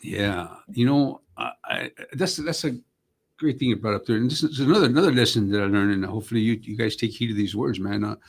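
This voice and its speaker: A man's voice: on the low side, fast talker, gravelly, husky. A man in his sixties, an actor and comedian, telling stories in a casual interview in a streetwise way, swearing freely and calling people bro and man. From United States. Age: 60s.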